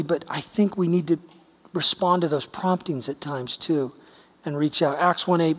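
A man's voice: a little high, big-room sound. A man preaching a sermon, telling stories with acted-out quotes in a conversational, emphatic way. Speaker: pastor.

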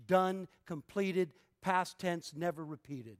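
A man preaching an expository sermon, emphatic and deliberate, leaning hard on single words. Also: sits high.

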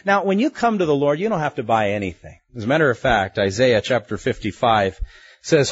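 A man preaching a sermon in a lively, conversational way, asking his listeners pointed questions. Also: medium pitch, brisk, husky, dry recording, lo-fi sound.

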